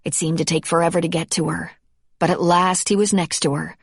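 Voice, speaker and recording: In a measured, scripted style, a woman reads a romance audiobook in a voice low for a woman, with little pitch movement, some vocal fry, and a slightly rough edge. The recording is close and dry, with no echo.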